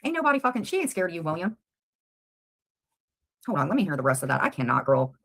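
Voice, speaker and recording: A woman on a livestream, confronting a rival head-on with rapid, combative questions. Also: on the low side, very animated, creaky, a bit bright.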